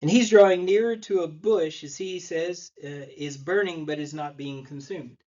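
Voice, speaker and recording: A man's voice: on the high side, normal speed, darkish tone, muffled recording. A man in his thirties preaching a sermon in church, telling stories in a conversational way. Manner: storytelling, conversational, acts out quotes. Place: church sanctuary.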